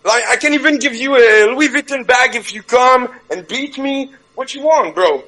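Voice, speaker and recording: A man's voice: very high voice, moderate pace, pushed and bright, low-quality recording. A man taunting and swearing at someone in a heated voice-chat argument, laughing between jabs.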